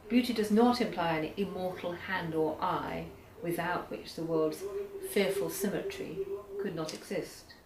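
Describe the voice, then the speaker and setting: Woman lecturer, measured academic delivery, lowish voice, distant mic in a roomy hall with audience. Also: a crowd in the background. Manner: measured, reads poems aloud slowly.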